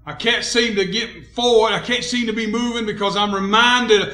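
Emphatic high-voiced male preacher. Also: fairly even intonation, normal speed, reverberant. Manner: emphatic preaching, swings between quiet and loud, calls for amens. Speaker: pastor. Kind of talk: sermon. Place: church.

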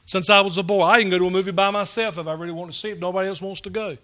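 A man delivers a sermon in a high voice. His tone is bright and forceful. He swings between loud emphasis and quiet, hushed asides. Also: fairly even intonation, racing. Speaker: pastor.

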